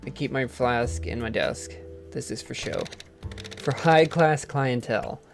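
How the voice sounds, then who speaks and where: A man's voice: medium pitch, measured pace, creaky. A man voicing a hard-boiled ghost private detective, reading his lines in a dry, world-weary way over faint game music.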